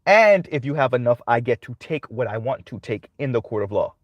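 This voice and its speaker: A man's voice: medium pitch, expressive, fairly quick, no room sound, highs cut off. Guy hosting his own commentary channel, chatty monologue, always going "right?", dry close sound. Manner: conversational, repeats "right?" often.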